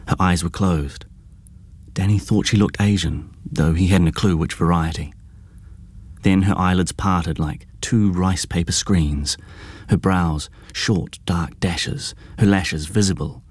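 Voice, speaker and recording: Deep-voiced male audiobook narrator. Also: a little mellow, no echo.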